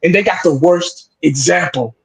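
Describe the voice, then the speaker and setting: A man with a notably high speaking voice talks sports in a loose, heated way. He is emphatic and profane, repeats himself, and caps his points with 'man'. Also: normal speed, vocal fry, slight background noise, low-quality recording. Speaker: sports show host. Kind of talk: casual sports talk.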